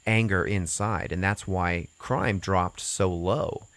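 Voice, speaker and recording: A deep-voiced man hosting a podcast, recapping a story in a rambling, casual way and slipping into the characters' lines. The recording is dry and close, with no room sound. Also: slow pace, fairly bright tone, no room sound. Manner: rambling storyteller acting out quotes. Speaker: podcast host. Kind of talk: casual chat.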